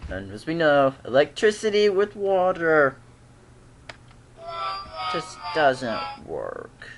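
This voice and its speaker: Faint music plays behind a fan who slowly recaps a TV episode in a medium-pitched voice for a loose vlog. The excited, rambling delivery keeps restarting, with frequent throat clearing, small laughs, and lapses into characters' dialogue.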